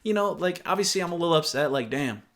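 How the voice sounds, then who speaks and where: A man's voice: a little high, expressive, fast talker, a bit bright. A young man giving casual reaction commentary, blunt, profane and openly incredulous. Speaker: online commentator.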